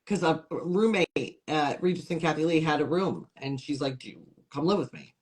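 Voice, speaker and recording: A woman's voice: low-pitched, normal speed. A woman from upstate New York, a comedian and TV host, chatting as an interview guest and acting out the voices of people in her stories. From Syracuse, New York. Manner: lively storyteller, acts out quoted voices. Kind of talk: casual interview chat.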